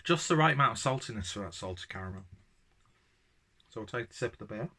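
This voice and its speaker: A man talks through a beer tasting in a casual, rambling way, full of ums and self-mocking jokes. His voice sits a little low but sounds bright and forceful. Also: expressive, fast talker, husky. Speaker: beer reviewer.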